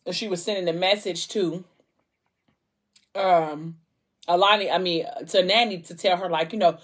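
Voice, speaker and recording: A woman's voice: fairly low pitch, fairly even intonation, normal speed, long pauses, breathy edge. A young adult woman casually retelling a story, chatty and acting out the characters' quoted lines.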